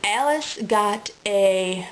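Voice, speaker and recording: A woman's voice: mid-range voice, drawn-out words, poor audio. A woman in a casual, rambling webcam monologue, full of ums and likes, often breaking into giggles. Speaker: vlogger.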